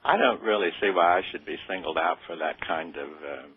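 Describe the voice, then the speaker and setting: Older man, radio interview guest, husky, hesitant, tinny phone-like sound. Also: low voice, big pitch swings, a little fast, dry recording. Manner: hesitant, modest, with many fillers.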